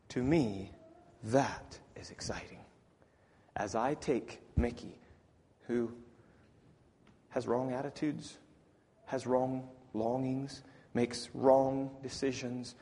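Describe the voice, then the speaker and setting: A man preaching a sermon, swinging from loud emphatic lines to near whispers. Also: medium pitch, slow pace, pauses often, long reverb tail.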